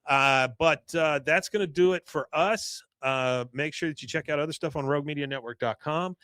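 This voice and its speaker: A man's voice: a little high, moderate pace, sharp tone, dry recording. A man co-hosting a podcast, casually retelling a cartoon episode and quoting its characters with frequent laughs. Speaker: podcast co-host.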